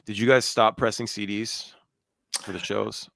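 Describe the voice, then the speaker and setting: A man's voice: fairly low pitch, flat delivery, a little slow, vocal fry, fairly bright tone, no echo. Laid-back man telling road stories. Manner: rambling storyteller, swears casually. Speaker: podcast host. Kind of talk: casual chat.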